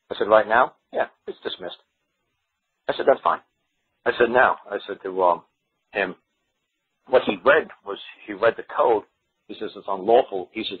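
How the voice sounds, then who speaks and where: Man, low voice, very husky, rapid storytelling, tinny phone line, radio call-in. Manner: quotes courtroom exchanges in animated back-and-forth; repeats himself with frequent restarts. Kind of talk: storytelling monologue.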